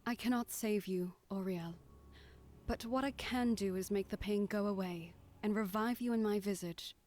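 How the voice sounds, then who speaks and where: A woman voicing a gentle, motherly goddess in whispered role-play, hushed and soothing. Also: mid-range voice, moderate pace, pitched above the performer's own voice, close to an everyday voice. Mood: tender.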